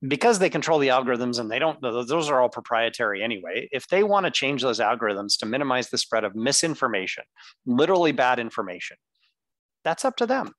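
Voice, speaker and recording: Man making his points in a lively debate. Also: medium pitch, fast talker, dry recording. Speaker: podcast co-host. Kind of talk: casual debate.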